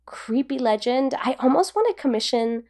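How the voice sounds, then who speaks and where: A woman with a fairly high voice co-hosts a podcast in loose, casual chat. She rambles, giggles often and fills her sentences with "like" and "um.". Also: expressive, normal speed, darkish tone. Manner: giggly, rambling, filler-heavy. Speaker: podcast co-host.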